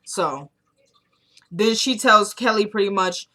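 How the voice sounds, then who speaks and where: A woman talking straight to her viewers as she walks through a TV episode scene by scene. She is chatty and loose, dropping quick asides and opinions between plot points in an everyday voice. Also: mid-range voice, animated, sharp tone. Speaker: TV episode recapper. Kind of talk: casual episode recap to viewers.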